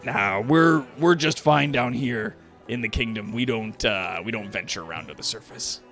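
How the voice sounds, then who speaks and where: A man voicing a boisterous, friendly male troll gambler in a tabletop game who talks loud and hearty. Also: medium pitch, normal speed, soft background music, natural voice. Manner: loud, hearty and good-natured.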